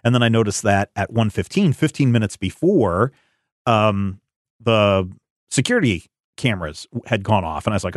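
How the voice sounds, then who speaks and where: A man's voice: lowish voice, expressive, normal speed, no room sound, clean studio sound. A middle-aged man hosting a podcast, telling a rambling story in casual chat with many fillers. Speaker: podcast host.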